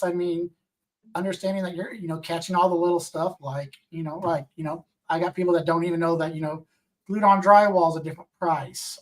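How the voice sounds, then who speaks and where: Guy rambling on a roundtable, sounds a bit far off the mic. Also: high-pitched. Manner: rambling, many fillers and restarts. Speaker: co-host. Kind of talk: casual roundtable chat.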